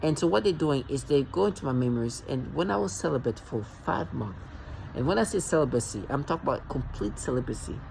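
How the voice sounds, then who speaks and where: A man's voice: medium pitch, lively intonation, fairly quick, vocal fry, a little mellow, a little hiss or hum, poor audio. A man vlogging alone in a rambling, agitated and mocking rant, often stumbling and restarting his sentences. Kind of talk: rambling monologue to camera.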